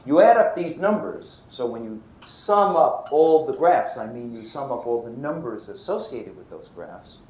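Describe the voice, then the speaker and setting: An older man giving a university physics lecture, telling stories and acting out remarks in a lively way. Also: medium pitch, moderate pace, hardly any pauses. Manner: lively storytelling, acts out quoted remarks, laughs at his own stories. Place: lecture hall. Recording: echoey lecture hall, faint noise.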